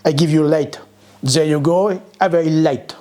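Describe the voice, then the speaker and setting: A man's voice: fairly high pitch, a little slow, mellow, natural voice. A man putting on a mock French accent, playing a curt, dismissive Frenchman. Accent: put-on French. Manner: curt, offhand delivery.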